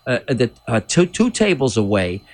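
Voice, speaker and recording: A man's voice: medium pitch, big pitch swings, normal speed, dry recording. A man in his sixties, a former entertainment reporter, telling an anecdote as a guest, laughing often and imitating voices. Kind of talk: casual storytelling.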